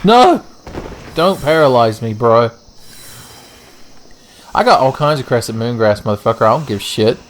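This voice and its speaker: A man's voice: medium pitch, moderate pace, long pauses, a little hiss or hum. A young man giving casual, profane, joking let's-play commentary as he plays a game. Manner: profane, joking, rambling asides. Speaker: gaming channel host.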